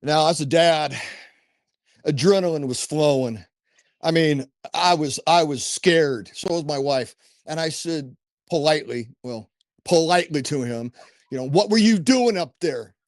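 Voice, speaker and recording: A man's voice: fairly high pitch, measured pace, dry recording, studio quality. A middle-aged man telling a personal story as a podcast guest, earnest and rambling, with restarts and asides. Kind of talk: casual first-person storytelling.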